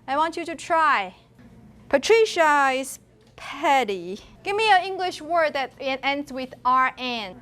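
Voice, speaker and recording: Taiwanese woman teaching a class, high voice, chatty, asks lots of questions. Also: animated, unhurried, fairly bright tone. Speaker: university lecturer. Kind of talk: classroom lecture.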